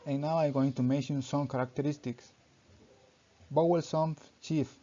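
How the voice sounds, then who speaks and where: A young man reading a class presentation aloud, halting and often restarting his sentences with "so", in a dull lo-fi recording. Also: on the high side, warm tone. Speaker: student presenter.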